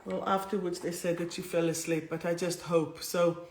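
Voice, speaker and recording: A woman's voice: fairly low pitch, flat delivery, normal speed, a little hiss or hum. Spiritual healer lady rambling into her phones, emotional, kinda echoey room sound. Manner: warm, rambling, emotional, easily moved. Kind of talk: live-streamed casual talk. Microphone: two phones streaming at once. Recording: roomy echo.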